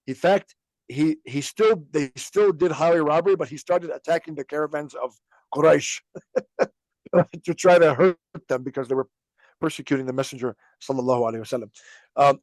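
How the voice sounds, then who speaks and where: A man teaches religious history on his podcast in a loose, chatty storytelling style. He acts out the quotes of the people in his stories and laughs often. His voice sits a little high, and the recording is close and dry. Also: a little mellow, dry recording. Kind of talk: informal religious lesson.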